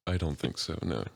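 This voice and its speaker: A man's voice: extremely low pitch, gravelly, dry recording. A young man co-hosting a casual podcast, laughing often and teasing crudely. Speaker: podcast co-host. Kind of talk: casual chat.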